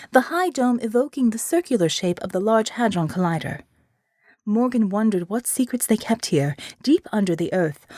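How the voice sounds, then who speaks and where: A woman narrating an audiobook in a clear, expressive reading, on a close mic. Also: medium pitch, no echo. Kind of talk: scripted narration.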